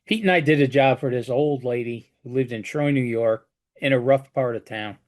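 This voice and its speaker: A man's voice: medium pitch, moderate pace. A man who works as a flooring contractor, telling job stories in a casual chat and restarting his sentences often. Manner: storytelling with frequent restarts.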